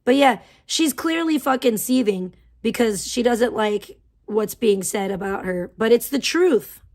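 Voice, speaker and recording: Livestream host, woman, angry swearing rant, higher voice. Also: lively intonation, measured pace, a little mellow. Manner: profane, heated, venting.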